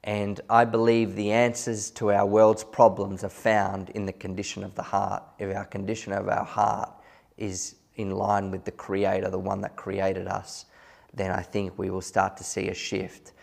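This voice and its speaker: Gravelly low-voiced male preacher. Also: monotone, darkish tone. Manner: earnest, emphatic, slows down to stress key words; loose and conversational, with small asides. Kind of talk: sermon.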